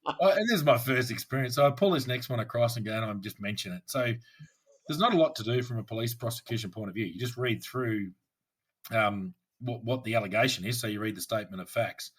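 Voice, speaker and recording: Australian man, husky voice, casual podcast chat, animated storytelling, mid-pitched. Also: fast. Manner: animated anecdotes, acts out courtroom voices, swears. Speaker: podcast co-host, police officer.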